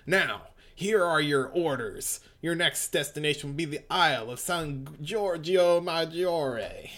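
A secretive crime boss lays out his orders in a clipped, formal way, read aloud by a man with a slightly higher voice. Every line is measured and cool, and it sounds like a fan reading an anime scene for fun. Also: a bit bright. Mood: commanding. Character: cold secretive male gang boss giving orders.

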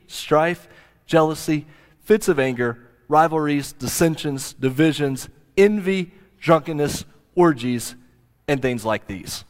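Male pastor, mid-pitched voice, earnest expository teaching, long hall reverb. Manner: earnest, explanatory, stresses key words.

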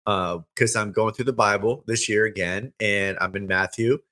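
A man co-hosts a casual Christian chat about the end times, rambling with many restarts and fillers. His fairly low voice is pushed and bright, with fairly even intonation at normal speed.

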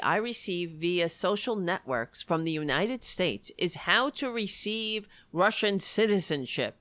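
A woman's voice: lowish voice, expressive, unhurried, few pauses, fairly bright tone, dry recording. A woman hosting a livestream, reading news articles aloud and commenting on them with sarcastic, profane remarks. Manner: sarcastic and profane, with frequent self-interruptions. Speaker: livestream host.

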